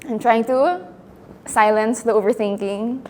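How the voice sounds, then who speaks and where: Woman, high voice, unhurried, nervous laughter, self-conscious narration, long room reverb, faint noise. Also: darkish tone. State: anxious, breathy with nervous laughter. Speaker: acting workshop participant. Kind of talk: live self-narration of feelings in an exercise.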